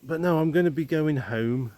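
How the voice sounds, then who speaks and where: A man's voice: on the high side, normal speed, dark tone, no echo. A man vlogging on a country walk, talking casually to the camera in a chatty, wry, rambling way with playful asides. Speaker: walking vlogger. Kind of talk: casual talk to camera while walking. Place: open countryside, outdoors.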